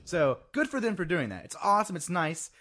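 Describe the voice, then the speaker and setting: A man with a high, lively voice that jumps around as he talks fast in loose podcast banter. He is self-deprecating and laughs easily, getting carried away with his own tangents. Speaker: podcast co-host. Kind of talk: casual banter.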